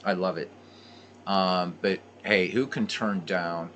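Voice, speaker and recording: A man chatting casually on a stream, telling rambling, animated stories. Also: sits low, slow pace. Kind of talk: casual chat while playing.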